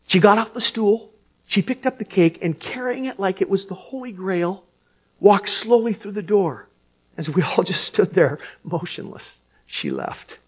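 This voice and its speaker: A man preaches by telling a story, expressive and quick to laugh or choke up. His voice is fairly high and swings widely as he animates the telling. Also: slightly rough.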